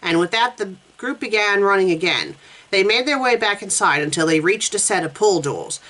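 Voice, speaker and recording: A woman's voice: medium pitch, lively intonation, moderate pace, fairly bright tone, poor audio. A woman reading fanfiction aloud in her normal voice, with no character voices. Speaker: fanfiction reviewer.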